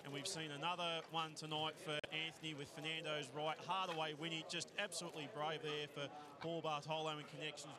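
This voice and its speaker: A racing analyst giving measured, informative commentary. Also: male voice, fairly high pitch. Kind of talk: sports commentary.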